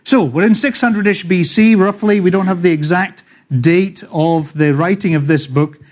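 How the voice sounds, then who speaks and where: A middle-aged man with a Scottish accent preaching a sermon, chatty and joking with the congregation, reading scripture slowly and loudly. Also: high voice. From Scotland. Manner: slows and swells when reading scripture. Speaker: pastor. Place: church.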